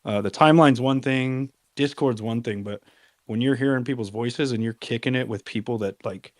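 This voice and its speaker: A man co-hosting a live audio chat, telling a story in a relaxed, slangy way. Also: medium pitch, moderate pace, no room sound, clean studio sound. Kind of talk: casual chat.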